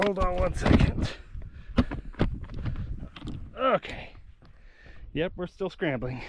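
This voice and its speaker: A man's voice: mid-range voice, noisy background. Breathless man vlogging on a mountain trail. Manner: breathless, self-deprecating, chatty. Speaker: hiking vlogger. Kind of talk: casual hiking vlog narration.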